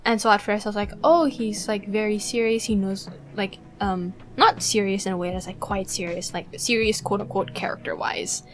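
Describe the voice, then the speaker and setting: A woman's voice: mid-range voice, flat delivery, a little fast, hardly any pauses. A young woman from Malaysia co-hosting a podcast, chatting casually and gushing as a fan, with frequent giggles. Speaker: podcast co-host. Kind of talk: casual chat.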